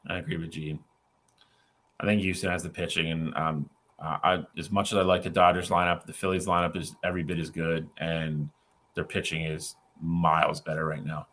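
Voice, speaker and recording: A man on a sports podcast gives his opinions bluntly and matter-of-factly. His voice sits low in pitch. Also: level tone, moderate pace, a bit bright. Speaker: podcast co-host. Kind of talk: casual sports podcast talk.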